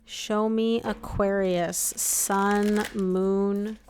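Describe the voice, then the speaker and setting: A young woman talks through a tarot spread in a relaxed, conversational way. She sounds sympathetic and chatty and drops in plenty of casual fillers as she thinks aloud. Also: medium pitch, drawn-out words, a little hiss or hum. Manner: chatty, empathetic, filler-heavy with frequent "like" and "um". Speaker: tarot reader. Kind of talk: casual live tarot reading.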